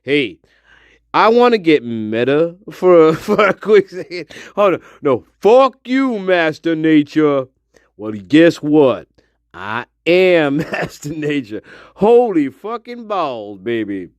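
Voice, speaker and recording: A man's voice: a little high, sing-song, slow, no room sound. A man hosting a one-man livestream show. He chats casually in a profane, rambling way and laughs often.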